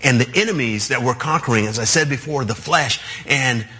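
A man's voice: mid-range voice, fairly quick, sharp tone, husky. A man preaching a sermon in a loose, conversational way, with chuckles as he talks.

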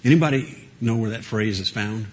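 A man with a fairly low voice leads a Bible study in a small room, faint ambience behind him. He talks in a loose, rambling way, full of fillers and little laughs, and stops to put questions to the group. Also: normal speed, darkish tone, slight background noise. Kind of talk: informal Bible teaching with audience questions.

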